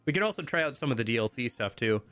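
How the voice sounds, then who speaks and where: A man's voice: medium pitch, expressive, rapid-fire, fairly bright tone, faint music behind. A man casually commenting while he plays a video game, rambling with many fillers. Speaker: streamer playing a game. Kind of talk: casual let's-play commentary.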